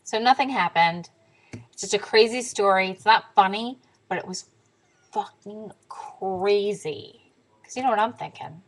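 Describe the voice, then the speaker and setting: A young woman telling a story in a casual vlog to camera, animated and swearing freely, sometimes dropping to a whisper. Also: mid-range voice, brisk, poor audio. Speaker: diet vlogger.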